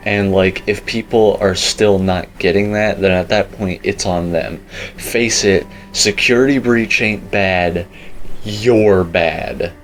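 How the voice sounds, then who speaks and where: A man's voice: low voice, fairly even intonation, slow, a little hiss or hum, rough recording. A young man giving casual, rambling commentary on a game teaser, opinionated and full of filler words. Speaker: gaming YouTuber.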